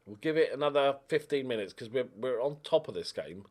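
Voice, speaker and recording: A husky, medium-pitched man talking a little fast provides casual let's-play commentary as a gaming YouTuber. Animated throughout, he addresses the players on screen and yelps when frustrated.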